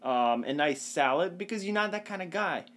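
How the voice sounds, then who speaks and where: Young man from Canada, playful rambling podcast co-host, slightly high voice. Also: animated, normal speed, a bit bright. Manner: playful, rambling, laughs often. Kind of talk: casual banter.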